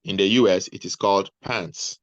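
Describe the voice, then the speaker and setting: A man, a guest on a video call, giving measured, deliberate advice to nurses. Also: sits low, fairly even intonation, no room sound, dull audio. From Nigeria.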